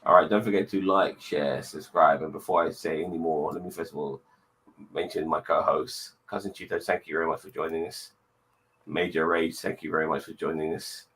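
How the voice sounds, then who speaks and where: A man hosting a casual online chat show, blunt and quick to swear, with cheery sign-offs. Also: a bass voice, fairly even intonation, fairly bright tone, slight background noise, poor audio. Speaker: podcast host.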